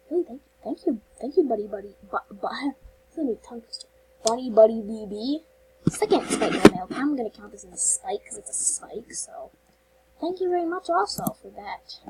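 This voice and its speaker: High-voiced gushing woman vlogger. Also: husky, rough recording. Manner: gushing, excitable, heavy use of "like" and "literally". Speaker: channel host. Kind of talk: casual game voice-over vlog.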